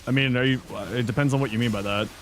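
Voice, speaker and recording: A man's voice: mid-range voice, fairly even intonation, racing, slight background noise. A man in his thirties casually chatting on a game stream, answering chat with loose jokes and mild swearing. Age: 30s.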